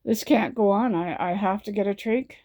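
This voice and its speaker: A woman talking to camera in a personal vlog, exhausted from no sleep, close to tears, with halting, repetitive speech. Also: mid-range voice, dark tone.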